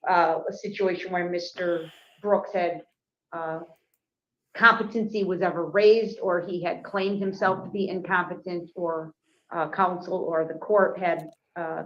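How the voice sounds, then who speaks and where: A woman prosecutor with a lowish voice makes a formal, measured argument, pausing on small fillers. The sound is roomy and a bit muffled, caught in a courtroom. Her delivery stays careful and procedural. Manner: measured, formal, with frequent "uh" pauses.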